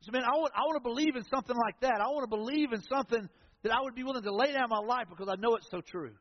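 A pastor with a notably high voice delivers a folksy, conversational sermon to his congregation. His words ring with long reverb through a large church hall. The recording itself sounds dull and lo-fi. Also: rapid-fire, a little hiss or hum. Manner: folksy, conversational preaching with storytelling asides.

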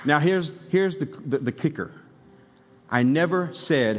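A male pastor preaching a sermon, telling a story and building to excited exhortation. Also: on the high side, a little slow, long reverb tail, a little hiss or hum.

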